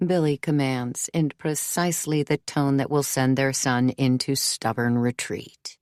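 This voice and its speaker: A woman narrates an audiobook in a low voice. Her storytelling is measured, even and unhurried. The recording is dry and close, with no room sound. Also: no echo. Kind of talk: scripted narration.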